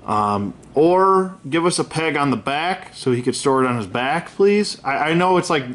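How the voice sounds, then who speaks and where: A man's voice: a little high, expressive, moderate pace, hardly any pauses, fairly bright tone. A man reviewing action figures in a casual, rambling way. He is candid and gripes openly, swearing freely, with plenty of fillers and self-corrections.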